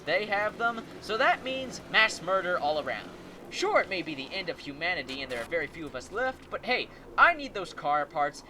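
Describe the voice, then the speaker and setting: A man hosting a let's play, giving excitable, joking gameplay commentary and talking back to enemies. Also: on the high side, slight background noise.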